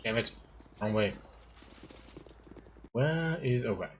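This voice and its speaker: A man's voice: mid-range voice, lively intonation, slow, muffled recording, a little hiss or hum. A man hosting a let's play, chatting and musing aloud as he plays. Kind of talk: casual gameplay commentary.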